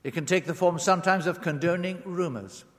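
A man's voice: high-pitched, brisk, fairly bright tone. A man preaching a sermon, leaning on words with rising and falling emphasis. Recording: long reverb of a large hall.

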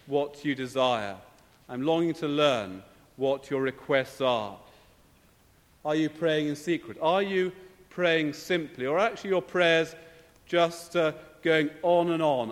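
A man preaching a sermon in a measured, emphatic way, often posing rhetorical questions. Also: a little high. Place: church. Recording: long church reverb.

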